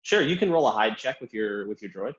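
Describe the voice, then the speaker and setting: A man's voice: on the low side, expressive, brisk. Man narrating a tabletop game. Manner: descriptive narration with frequent uh fillers. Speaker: game master. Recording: dull lo-fi recording.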